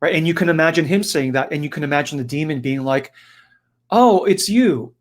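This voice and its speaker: A man giving a reflective spiritual talk in an animated, conversational way, often checking in with his listeners. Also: fairly high pitch, quick pace. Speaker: spiritual teacher.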